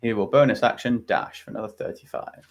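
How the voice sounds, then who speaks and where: A man's voice: mid-range voice, a little fast, a little hiss or hum. A man playing in a tabletop game, casually counting out his character's moves. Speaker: player.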